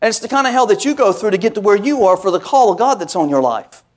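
Male pastor, higher-pitched voice, preaching with call-and-response asides. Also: expressive, fast. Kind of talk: sermon.

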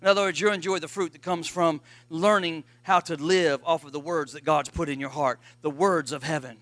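A man's voice: fairly high pitch, fairly even intonation, brisk, a bit bright, no echo. A man pastor preaching a sermon, emphatic and calling out to his congregation for responses.

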